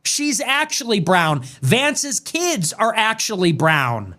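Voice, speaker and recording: A man's voice: sits high, huge pitch swings, slow, sharp tone. A man giving ranting political commentary in a sarcastic, mocking, emphatic way. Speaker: political streamer.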